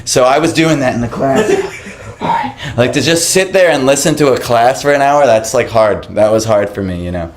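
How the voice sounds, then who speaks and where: Man, mid-pitched, relaxed storyteller; laughs often and acts out quoted voices. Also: normal speed. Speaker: devotee telling his conversion story. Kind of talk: casual personal storytelling.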